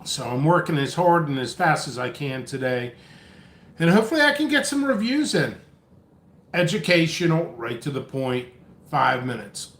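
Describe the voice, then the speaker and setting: Man, vlog host, chatty and scattered, short of breath, pitched a touch high. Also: big pitch swings, moderate pace, a bit bright, reverberant. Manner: rambling, coffee-fueled, chatty. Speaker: pepper seed seller and channel host. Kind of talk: casual live-stream chat. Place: indoor home workspace.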